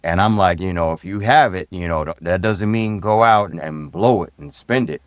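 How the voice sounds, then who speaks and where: A middle-aged man from Brooklyn with a New York accent, a guest telling relaxed stories about his upbringing in an interview. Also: deep voice, normal speed, no room sound. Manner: easygoing, reflective, repeats phrases. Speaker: guest, retired police lieutenant and DJ. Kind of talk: casual interview storytelling.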